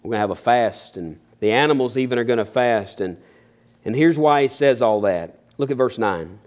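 A man's voice: medium pitch, moderate pace, a little mellow. A man preaching a sermon as a pastor, folksy and earnest, building emphasis as he goes.

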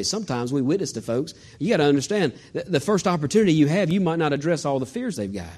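Guy preaching, kinda high voice, gets animated and does little voices for the people he quotes. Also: fast talker, few pauses. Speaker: pastor. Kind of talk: sermon.

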